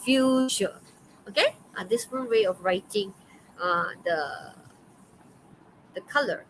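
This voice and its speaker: A woman's voice: medium pitch, lively intonation, a little slow, a bit bright, low-quality recording. A woman with a Malaysian English accent teaches an online English class. She talks in a loose, chatty way, packed with okays and fillers. A faint noise sits under her voice. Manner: chatty, many okays and fillers, laughs often.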